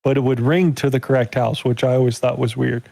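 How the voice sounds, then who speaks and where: A man's voice: mid-range voice, little pitch movement, fairly quick, gravelly, dark tone, dry recording. A man hosting a live talk show, reminiscing in an easygoing casual way. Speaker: host. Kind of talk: casual chat.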